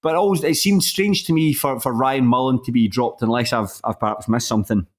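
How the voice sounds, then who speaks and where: A Scottish man in casual football chat, wandering through his thoughts with plenty of hesitant restarts. His voice sits at an ordinary middle pitch for a man. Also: brisk. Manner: rambling, hesitant, many restarts. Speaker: podcast host.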